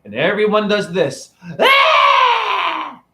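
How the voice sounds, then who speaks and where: A man's voice: a little high, animated, unhurried, fairly bright tone. A man lectures his live-stream chat from his phone, speaking in a slightly raised register. He preaches and taunts and keeps pressing the viewers with rhetorical questions. He sounds sure he has already won the argument. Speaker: self-styled spiritual teacher streaming to a chat. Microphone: phone camera.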